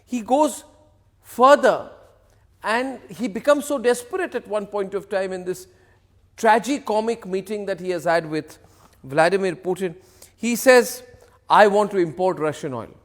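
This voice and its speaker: A man's voice: sits high, a little slow, in a large hall. A man, delivering a mocking, theatrical news monologue as an anchor. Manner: mocking, theatrical, impersonating quotes.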